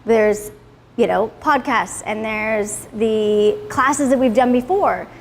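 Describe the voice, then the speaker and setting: High-voiced, profane woman teaching a class. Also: slow, big-room sound, slight background noise. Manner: blunt, profane, peppered with "right?". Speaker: class leader. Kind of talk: casual motivational talk to a class. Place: salon room with live audience.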